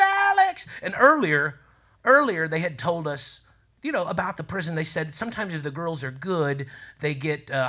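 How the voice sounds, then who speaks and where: A man telling a profane, animated story on a comedy club stage, swearing and laughing through his lines. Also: on the high side.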